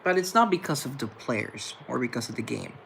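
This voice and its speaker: A man's voice: mid-range voice, animated, fairly quick, vocal fry, fairly bright tone, slight background noise, rough recording. A young man hosting a live stream, casually chatting with viewers and answering their comments in a playful, campy way. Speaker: livestream host.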